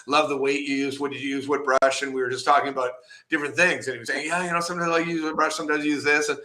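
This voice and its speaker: A middle-aged man with a very bright, forward voice spins anecdotes in a relaxed interview. He gets animated, slips into the voices of the people he quotes and laughs often between lines. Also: on the high side, very fast. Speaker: comic book artist guest. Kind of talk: casual interview storytelling.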